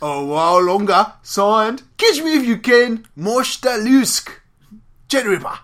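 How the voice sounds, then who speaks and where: A man putting on a crude Cockney voice as a gleeful Jack the Ripper, reading a letter aloud and dropping little words. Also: lively intonation. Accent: put-on Cockney. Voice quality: shouted, high, drawn-out, dropped words.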